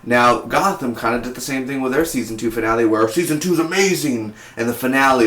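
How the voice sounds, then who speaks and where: A man reviewing a TV episode in a rambling, excitable way, full of "man" and "like". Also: medium pitch, a little fast, few pauses, reverberant. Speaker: TV review vlogger.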